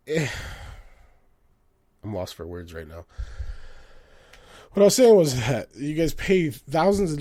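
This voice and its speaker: A man rants and swears with a lively, bouncing pitch, jumping from loud outbursts to low mutters. His voice sounds dry and close to the mic, with no room echo. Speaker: podcast host. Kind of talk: profane comedic rant.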